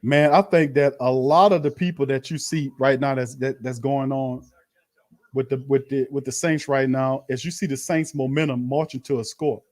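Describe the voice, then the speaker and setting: A man hosting a fan watch party, calling plays in a slangy, animated way and talking to his chat. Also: mid-range voice, moderate pace. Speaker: fan host doing live play-by-play. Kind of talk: excited watch-party commentary.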